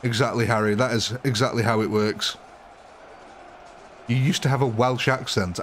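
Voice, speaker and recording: A man's voice: medium pitch, steady tone, moderate pace, long pauses, a bit bright, a little hiss or hum. A British man streaming a game live, chatting casually and jokingly with his viewers. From Britain. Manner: joking, chatty, answers chat by name.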